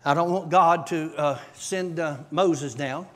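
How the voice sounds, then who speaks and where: A man preaching a testimony to a church congregation, telling his story in an animated way with bursts of shouting and laughter. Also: fairly high pitch, measured pace. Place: church service.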